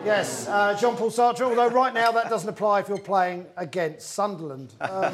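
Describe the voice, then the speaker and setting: A man's voice: sits high, a little slow, heavy background noise. A man hosting a comedy football quiz before a live audience, jokey and laughing between lines. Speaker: host of a comedy football panel.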